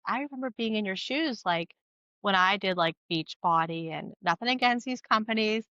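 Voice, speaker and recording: A woman's voice: medium pitch, normal speed, clear, resonant tone, dry recording, muffled recording. A woman fitness coach chatting on a podcast over a video call with earphones, telling stories and acting out what her clients say. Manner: lively storytelling, acts out quotes from clients. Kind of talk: casual podcast chat.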